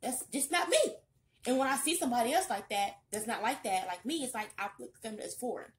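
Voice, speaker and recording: A young woman giving a casual tarot reading, chatty and sassy with loud bursts of excitement. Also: a little high, fast talker. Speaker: tarot reader.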